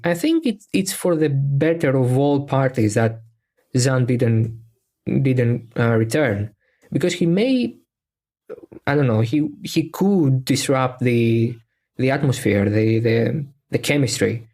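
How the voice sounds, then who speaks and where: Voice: medium pitch, animated, unhurried, dark tone. Hesitant young podcast host. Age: 20s. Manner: hesitant, repeats words while thinking. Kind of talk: casual conversational interview.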